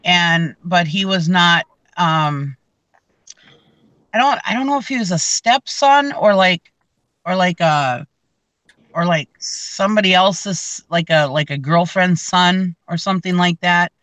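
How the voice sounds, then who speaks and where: A woman's voice: lowish voice, expressive, takes it slowly, fairly bright tone, no echo, rough recording. A woman hosting a casual chat, telling a long story with lots of fillers and restarts. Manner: rambling, many fillers and restarts. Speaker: reseller channel host.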